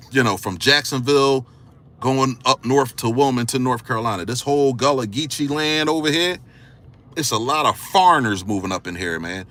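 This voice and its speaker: This Philadelphia-area man vlogs in a casual commentary style, using slangy language and rattling off rhetorical questions. He moves between murmuring low and hitting excited high notes.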